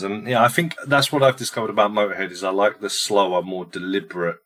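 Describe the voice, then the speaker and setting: A man with a fairly low voice gives his opinions in a relaxed podcast conversation. He stops and restarts often, filling pauses with "um" as he works out what he wants to say. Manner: hesitant, with frequent restarts and "um"s. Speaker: podcast co-host giving his reactions. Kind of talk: casual podcast chat.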